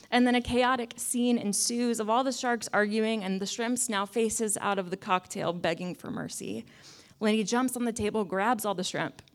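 With a mid-range voice, a young adult woman delivers a sermon in a conversational style, mocking herself wryly and frequently slipping into quiet asides.

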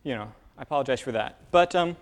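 A man preaching a casual sermon, talking in halting bursts full of fillers and restarts. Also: mid-range voice, expressive. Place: church with a room of divinity students.

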